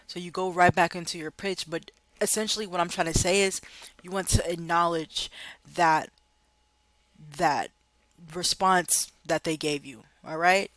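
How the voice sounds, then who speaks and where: A man's voice: sits high, steady tone, a little slow, fairly bright tone, no room sound. Upbeat man coaching sales in a dry room. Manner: upbeat, encouraging, addresses viewers as guys. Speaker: life insurance sales trainer. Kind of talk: casual training video. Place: home office.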